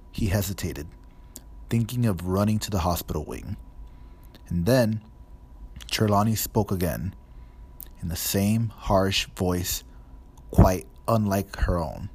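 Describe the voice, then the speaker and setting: A man narrating a storybook in a measured, even reading. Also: sits low, slightly rough. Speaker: audiobook narrator.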